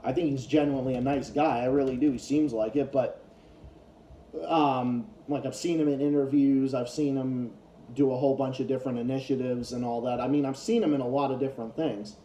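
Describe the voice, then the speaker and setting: A man's voice: medium pitch, fairly even intonation, brisk, mellow, roomy sound, slight background noise. A man ranting in a casual commentary vlog, heated and profane, often restarting his sentences. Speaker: YouTube commentator.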